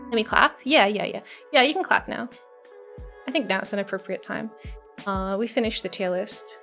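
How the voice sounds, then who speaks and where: A woman's voice: mid-range voice, normal speed. Giggly, rambling young woman streamer. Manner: rambling, giggly, lots of fillers. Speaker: virtual streamer. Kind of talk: casual live-stream chat. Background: soft background music.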